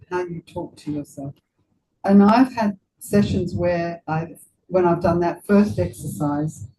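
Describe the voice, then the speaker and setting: An older woman with an English accent lectures in a gentle, conversational way and often puts questions to her audience. Her voice sits low and sounds mellow and warm. A faint hiss of noise runs under the recording. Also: poor audio. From England. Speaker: consultant psychiatrist giving a lecture.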